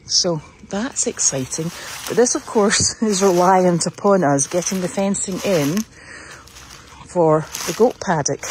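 A woman's voice: lowish voice, measured pace, darkish tone. Woman, sanctuary keeper, chatty and upbeat, walking outdoors with a phone, a faint hiss behind her. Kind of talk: casual walk-around vlog. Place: outdoors on a farm, walking the paddocks.

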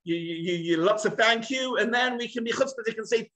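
Animated high-voiced rabbi telling a story. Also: male voice, fairly quick, rough recording. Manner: animated storyteller, acts out quotes in dialogue; addresses listeners directly, asks the room questions. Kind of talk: storytelling lecture to a live group.

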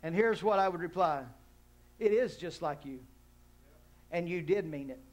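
A man's voice: high-pitched, moderate pace. A man preaching a sermon as pastor in a church, rising into emphatic call-and-response with the congregation. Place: church hall.

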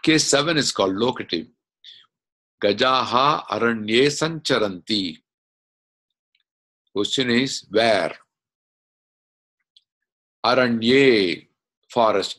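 A man teaching an online class, explaining slowly step by step and asking questions as he goes. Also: medium pitch, animated, a bit bright. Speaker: Sanskrit teacher. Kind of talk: online lesson. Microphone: video call.

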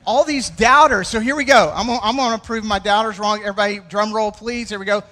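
A Southern pastor preaches in a playful, joking style and keeps pulling the congregation in. His voice sits high and bright for a man, with long reverb from the church hall around him. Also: fast. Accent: American Southern. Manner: joking, playful crowd interaction. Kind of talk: sermon.

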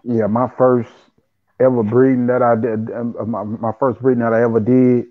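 A man's voice: medium pitch, flat delivery, moderate pace, no room sound. Man, casual profane storytelling, tinny phone-line sound, dry. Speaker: podcast guest.

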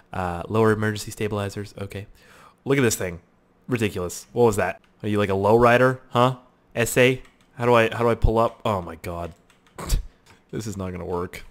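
A man giving excitable let's-play commentary on a flight game, swearing and laughing at his own crashes. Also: on the low side. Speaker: gaming YouTuber.

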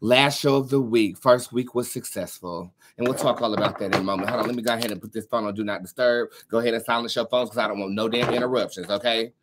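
Talking quickly with hardly any pauses, a man runs a live tarot stream in a medium-pitched voice with fairly even intonation over background noise. He's sassy and profane, calling his audience darling and girls and chatting to himself as he fixes his setup.

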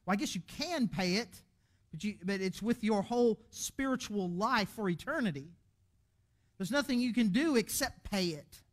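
A man preaching a sermon as pastor in a church, animated and conversational, restarting his words often. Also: high voice, normal speed. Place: church auditorium.

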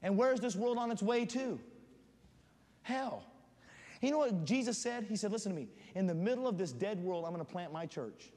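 Fervent high-voiced preacher man. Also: expressive, normal speed. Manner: builds to loud fervent shouting. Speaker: guest preacher. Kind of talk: sermon. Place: church sanctuary. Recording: church hall reverb.

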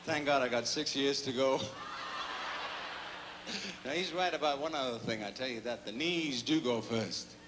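Between numbers in a big casino showroom, a male singer trades cheeky, self-deprecating jokes with his audience, sounding a little tired and short of breath. He speaks in a mid-range voice at a moderate pace, leaving long pauses, captured in a noisy live concert recording.

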